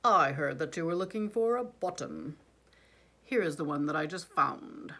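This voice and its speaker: A woman voicing a helpful, friendly raccoon in a bedtime storybook, speaking loudly and eagerly. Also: sits low, animated, moderate pace, breathy edge, exaggerated voice.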